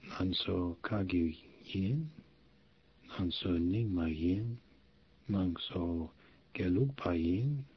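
A man reading a language lesson from a textbook in a soft, hushed voice that slips into whispers, patiently repeating each example phrase. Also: low voice, slightly rough, lo-fi sound.

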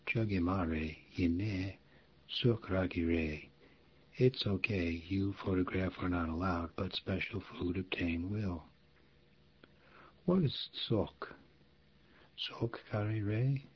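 A deep-voiced man reads through a language lesson, his voice breathy and hushed, sometimes dropping to a whisper. He takes his time and repeats each example phrase patiently. The recording sounds a little dull and lo-fi. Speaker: language teacher reading from a textbook. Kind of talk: soft-spoken language lesson reading.

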